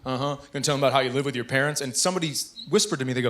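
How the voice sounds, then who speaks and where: Bright-voiced male stand-up storyteller. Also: medium pitch, very fast. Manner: animated, bursts into shouts at punchlines. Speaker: stand-up comedian. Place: comedy club stage.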